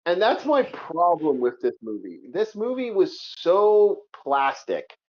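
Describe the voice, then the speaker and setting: A man co-hosting a casual movie review chat, animated and swearing a lot as he repeats himself. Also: high voice, takes it slowly. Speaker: co-host of a movie review show. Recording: dull lo-fi sound.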